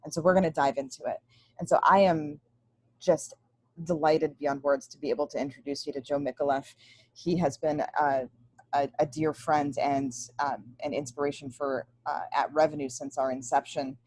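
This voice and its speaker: A woman's voice: sits low, fairly even intonation, normal speed, darkish tone, low-quality recording. A woman hosting a webinar, speaking in an earnest, emphatic way over a computer mic. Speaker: webinar host. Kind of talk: webinar introduction.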